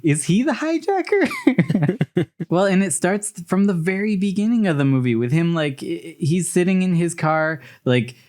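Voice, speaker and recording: A man's voice: fairly high pitch, moderate pace, few pauses, a little mellow. A man co-hosting a film podcast, talking casually and laughing often, with lots of filler words. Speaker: podcast co-host. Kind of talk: casual chat.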